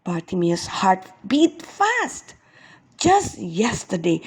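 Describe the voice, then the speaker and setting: A woman kindergarten teacher telling a Bible story to young children in an expressive, slow storytelling way. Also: mid-range voice, breathy edge.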